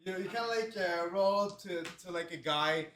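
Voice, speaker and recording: A man's voice: high voice, moderate pace. A man with a Quebec French accent narrating as game master in a loose, filler-heavy way. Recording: roomy echo, faint noise.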